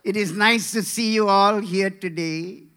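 A man voicing a cheerful, overly polite Indian movie villain who chats warmly. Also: sits high, big pitch swings, slow, heavily acted.

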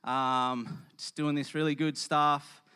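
A man voicing a mopey man who makes a show of fasting while others eat. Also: a little high, flat delivery, pushed and bright, clear, resonant tone. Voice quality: moaning, mopey. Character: sulky man showily fasting.

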